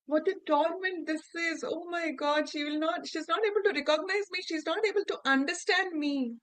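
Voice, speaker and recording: A woman's voice: extremely high pitch, normal speed, a bit bright, pitched above the performer's own voice. A woman voicing an anguished fox prince. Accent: Indian English. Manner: distressed, exclaiming.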